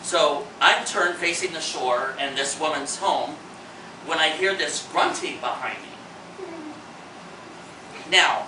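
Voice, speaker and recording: A man's voice: on the high side, slow, pauses often, distant mic. A man from Indiana performing a comic one-man storytelling show, acting out his panic with shrieked lines. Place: theater stage with a live audience. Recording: roomy hall, mic from afar, noisy.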